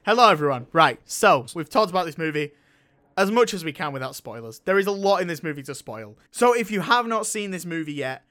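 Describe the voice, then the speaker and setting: Bright-voiced excitable British man. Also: fairly high pitch, brisk. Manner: excitable, laughs often, swears. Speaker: podcast host. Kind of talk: casual film review chat.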